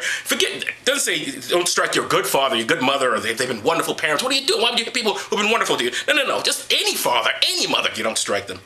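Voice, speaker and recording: Man, sarcastic, profane, very animated pitch, bright tone. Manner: mocking, ranting, profane. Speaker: vlogger reading the Bible. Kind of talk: sarcastic comedic Bible commentary.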